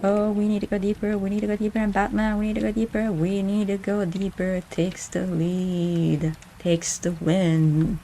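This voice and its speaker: Streamer lady, raspy fry in her voice, mellow tone, playful announcer calls, keeps repeating herself. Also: medium pitch, little pitch movement, moderate pace, a little hiss or hum. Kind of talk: live-stream commentary on a marble race.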